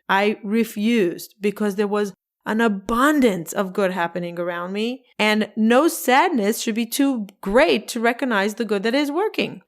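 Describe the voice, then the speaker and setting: A woman in her forties hosting a solo podcast, telling a personal story in an emotional, expressive way and acting out her own past words. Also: a little high. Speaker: podcast host.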